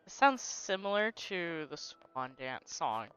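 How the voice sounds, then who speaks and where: Woman, casual game commentary, playful, animated pitch, low-ish voice, faint game music, dull lo-fi audio. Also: takes it slowly, smooth. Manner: playful, reads game dialogue aloud. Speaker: gaming host.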